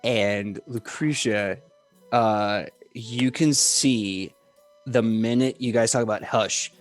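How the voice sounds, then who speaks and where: A man narrating as game master in a tabletop game, talking loosely and joking, quick to laugh. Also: on the low side, steady tone, faint music behind.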